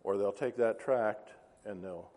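A man's voice: on the low side, a little slow, warm tone. A man preaching a sermon, telling a story and acting out the dialogue. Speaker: pastor. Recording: reverberant hall.

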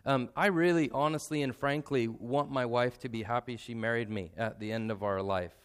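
A young adult man, a pastor, giving a sermon in a conversational, self-deprecating way and slowing down to stress key points. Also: medium pitch, clear, resonant tone.

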